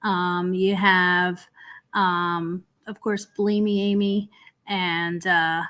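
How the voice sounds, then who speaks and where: A woman's voice: lowish voice, flat delivery, very slow, fairly bright tone. A woman hosting a casual commentary stream, rambling with lots of ums and restarts in an exasperated, sarcastic tone. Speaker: host of a drama commentary stream.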